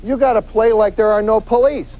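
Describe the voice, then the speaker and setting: A man, a police detective, giving a lively lecture on avoiding crime, acting out quoted voices and hammering points with repetition. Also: sits high, brisk, lo-fi sound. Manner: animated, acts out quoted voices, emphatic repetition.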